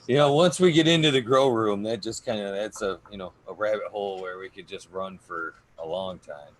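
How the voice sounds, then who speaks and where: Laid-back podcast host, lowish voice. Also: male voice, fairly quick. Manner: laid-back, rambling questions, swears. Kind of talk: casual podcast interview.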